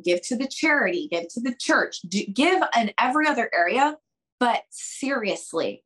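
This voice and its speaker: A young adult woman on a podcast, giving dating advice in an animated, expressive way and acting out quoted conversations. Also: on the high side. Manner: expressive, acts out quoted dialogue, addresses listeners as girls. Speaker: podcast guest, dating coach.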